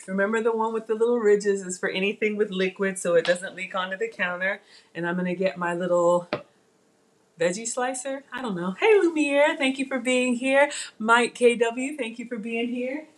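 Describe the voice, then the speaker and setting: A woman's voice: mid-range voice, fairly even intonation, normal speed, a little hiss or hum. A woman hosting a casual live cooking stream, chatty and emotional, thanking viewers by name as she works. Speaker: cooking livestream host.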